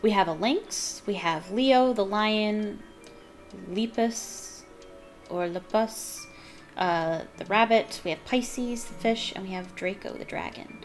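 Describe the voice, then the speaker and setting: A woman's voice: mid-range voice, unhurried, few pauses, faint music behind. A woman streamer giving chatty, enthusiastic commentary while playing a game, with rambling asides. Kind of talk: casual gameplay commentary.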